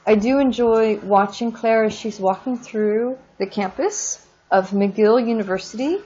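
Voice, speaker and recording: A woman teaching a French class in a recorded lesson, drawing out words slowly for pronunciation drills and adding casual asides. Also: a little high, mellow, slightly rough, muffled recording.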